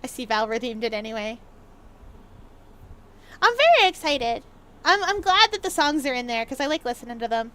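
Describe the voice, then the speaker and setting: A woman's voice: a little high, sing-song, normal speed, long pauses, a bit bright, smooth. A woman streaming a game and chatting playfully with her viewers, with lots of ums and laughs. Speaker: gaming streamer. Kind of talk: casual chat while live streaming a game.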